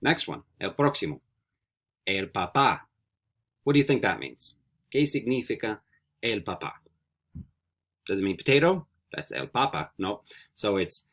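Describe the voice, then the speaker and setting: A man teaching a Spanish vocabulary lesson, repeating each word slowly and coaxing students with friendly questions. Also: on the low side, fairly bright tone. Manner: slow, carefully repeated word drills. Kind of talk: recorded classroom vocabulary lesson.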